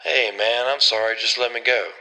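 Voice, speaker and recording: A man's voice: on the low side, moderate pace, sharp tone, long reverb tail, rough recording. A man voicing a scared young male thief who pleads in a shaky voice. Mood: pleading.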